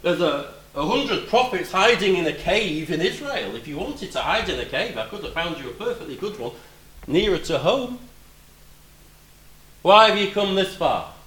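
A man preaching a sermon in a roomy, echoing space. His voice sits a little high and swings widely in pitch, rising loud for emphasis and then dropping to quiet asides. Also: very animated, normal speed.

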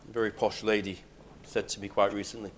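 A man's voice: lowish voice, level tone, quick pace. Emphatic preacher, man. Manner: emphatic preaching, swinging between loud declarations and hushed lines. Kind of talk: sermon.

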